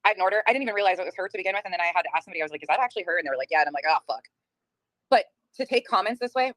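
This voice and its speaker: A woman's voice: mid-range voice, expressive, very fast, a bit bright, dry recording, studio quality. A woman hosting a livestream, ranting in a blunt, profane, laughing way while reading chat. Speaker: livestream host. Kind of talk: casual livestream rant.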